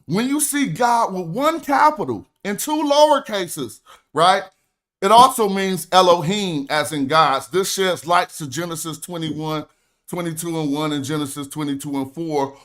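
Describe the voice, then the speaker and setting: High-voiced man lecturing emphatically. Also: unhurried, fairly bright tone. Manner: emphatic, argumentative, reads aloud from his notes. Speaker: stream host. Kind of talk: livestream lecture.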